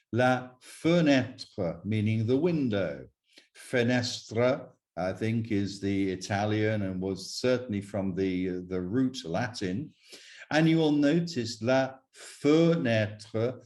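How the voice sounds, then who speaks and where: A man teaching French pronunciation, explaining rules slowly and repeating each example word. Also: lowish voice, darkish tone. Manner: slow, deliberate, repeats example words.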